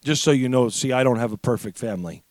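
A middle-aged man preaching a sermon, full of "uh" fillers, rising to shouted passages. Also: mid-range voice, fast talker, no echo. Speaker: pastor.

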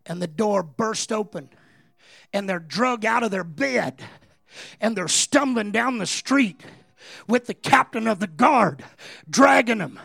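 Gravelly high-voiced preaching man. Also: animated, takes it slowly, no room sound, clean studio sound. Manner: builds from low conversational storytelling to shouting preaching. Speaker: pastor. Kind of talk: sermon with storytelling.

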